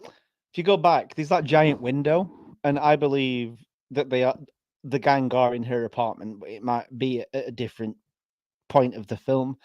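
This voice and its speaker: A man's voice: medium pitch, fairly even intonation, normal speed, darkish tone, no room sound, muffled recording. A man with a Yorkshire accent from England, a guest in a casual live reaction chat, chatty, giggly and opinionated. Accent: Yorkshire (Sheffield). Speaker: guest co-host.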